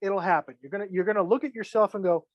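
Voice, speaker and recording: A man's voice: high voice, fast talker, no room sound, lo-fi sound. A man giving a casual filmmaking lesson, chatty and joking, acting out the reactions he imagines. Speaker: filmmaking instructor. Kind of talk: casual teaching monologue.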